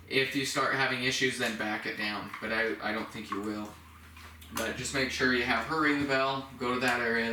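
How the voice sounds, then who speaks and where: A man working as a dog trainer, explaining house-training in a relaxed, casual way and praising the dog in a high voice now and then. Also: a little hiss or hum. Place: indoors at a home. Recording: echoey room, distant from the mic.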